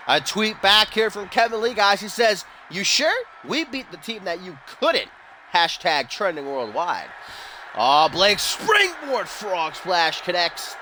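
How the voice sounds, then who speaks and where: Young man, bright forceful voice, excitable wrestling play-by-play, faint hiss behind. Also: mid-range voice. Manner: excitable, rises to near-shouting on near-falls; casual asides and swearing between calls. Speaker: play-by-play commentator of a wrestling video game. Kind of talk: play-by-play commentary.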